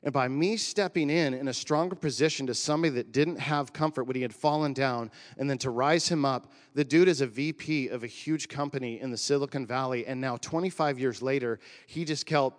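A man's voice: mid-range voice, brisk, few pauses, in a large hall. A man in his forties from Northern California telling a personal story as a pastor's sermon, in a conversational, emotional way with surfer slang. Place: church.

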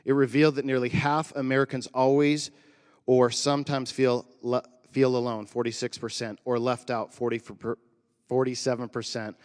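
Conversational pastor in a reverberant hall. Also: male voice, medium pitch, smooth. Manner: conversational, animated storytelling. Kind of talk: sermon.

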